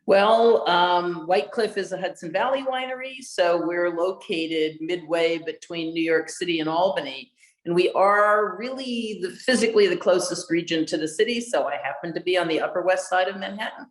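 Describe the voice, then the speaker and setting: A woman who owns a winery speaks over a video call in a measured, friendly way. Her voice sits low, and the room gives it a roomy echo. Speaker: winery owner. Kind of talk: casual guest talk.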